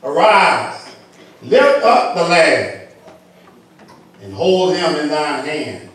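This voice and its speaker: A male pastor with a Southern US accent, reading scripture slowly and then preaching with rising emphasis in a church. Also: on the high side, very animated, fairly bright tone. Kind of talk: sermon. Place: church sanctuary. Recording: echoey hall, distant mic.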